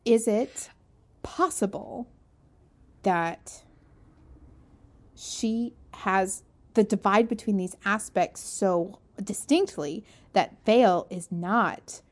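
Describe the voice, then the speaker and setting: A woman's voice: medium pitch, extremely slow, pauses often. A woman co-hosting a casual book-discussion podcast, telling stories with giggles. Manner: giggly, animated storytelling. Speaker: podcast co-host.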